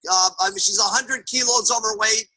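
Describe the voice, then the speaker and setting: Raspy guy doing a pep talk for sellers, high bright voice, lots of okays. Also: steady tone, a little fast, poor audio. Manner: emphatic storytelling, keeps asking "okay?". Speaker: sales trainer. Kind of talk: motivational sales talk.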